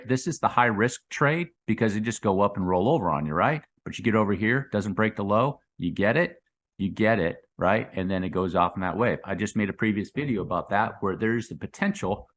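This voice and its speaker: Sketching on a chart, a middle-aged crypto trading host casually walks viewers through chart patterns, restarting and repeating phrases and punctuating them with "okay?" and "right?". His voice is on the low side with a fairly bright tone, and his explaining is loose and repetitive.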